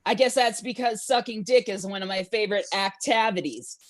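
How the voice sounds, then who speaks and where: A woman doing a stand-up set of deadpan one-liners over a live stream from home, often laughing at her own jokes. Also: medium pitch, brisk. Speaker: stand-up comedian.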